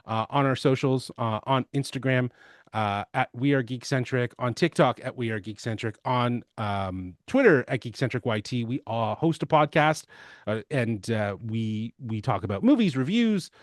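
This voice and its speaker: A man's voice: mid-range voice, lively intonation, moderate pace, dry recording, clean studio sound. Friendly man plugging his podcast. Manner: friendly, plugs channels with many fillers. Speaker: podcast guest. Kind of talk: casual podcast chat.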